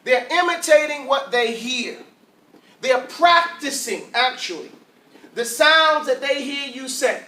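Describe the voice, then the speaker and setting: Speaking slowly, the lively Arabic teacher with a high, bright voice poses questions to the class and drills sounds aloud for repetition. The recording is distant, picking up the echo of a roomy classroom.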